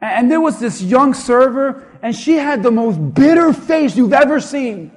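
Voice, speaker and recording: A male pastor preaching a sermon, impassioned and emphatic, dropping to hushed tones at times, in a large church hall. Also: very high-pitched, lively intonation, a little slow. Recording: long reverb of a large hall.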